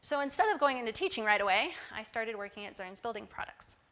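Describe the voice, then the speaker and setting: A woman in her twenties giving a personal testimony at a church service, telling her story in a lively way. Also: on the high side, fast. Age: 20s. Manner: lively storytelling, acting out quoted dialogue. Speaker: church guest speaker.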